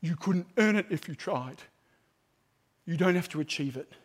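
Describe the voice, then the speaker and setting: A man preaching an evangelistic sermon to a live audience, building to loud, emphatic proclamations and then dropping to a hushed, earnest appeal. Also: fairly high pitch, animated, moderate pace, breathy edge. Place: large room with a live audience.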